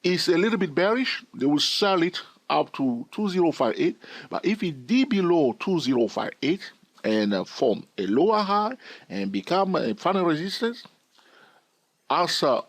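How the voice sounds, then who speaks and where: Male trading educator, husky tone, animated intonation, emphatic and repetitive. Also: on the high side, moderate pace. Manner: emphatic, repeats key phrases. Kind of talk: chart analysis lesson.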